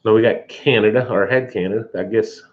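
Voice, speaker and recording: A man's voice: on the low side, steady tone, fairly quick, narrow, tinny audio. A man hosting a casual live stream, rambling and folksy with frequent chuckles. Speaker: outdoor channel host.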